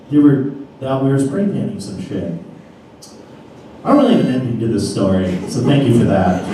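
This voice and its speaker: A man's voice: medium pitch, noisy background. A man telling a comic story about his youth to a live audience, casual and profane. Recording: roomy live room from a distance.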